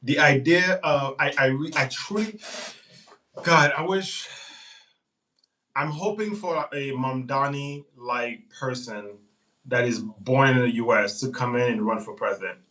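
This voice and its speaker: A man's voice: mid-range voice, a little slow, bright, forceful tone, recorded from a distance, rough recording. A male livestream host chatting casually, reading out viewer comments and rambling with restarts. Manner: reads chat comments aloud and rambles on politics.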